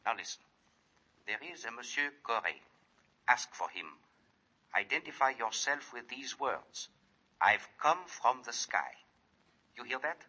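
Tense secretive go-between, clipped formal orders, sharp edge, muffled old radio sound. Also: male voice, mid-range voice, lively intonation, measured pace, long pauses, full character voice. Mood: urgent. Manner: clipped, formal, urgent instructions. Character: secretive insistent male jewel-deal contact. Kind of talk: 1940s radio acting.

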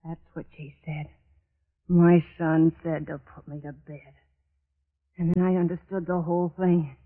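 A woman's voice: on the low side, natural voice. An actress playing a haunted, unhinged woman who confesses a murder, feverish and repeating herself in 1940s radio acting style. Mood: frantic. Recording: tinny old radio broadcast.

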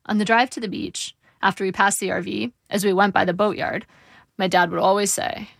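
A woman narrating her own memoir in a wry, measured, reflective way. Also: medium pitch, steady tone, vocal fry, no echo, studio quality.

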